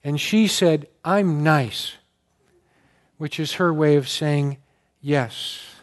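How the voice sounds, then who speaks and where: A man's voice: fairly high pitch, steady tone, slow. A man preaching a sermon, telling a story earnestly and with feeling. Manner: earnest, emotional storytelling, gets choked up. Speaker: pastor.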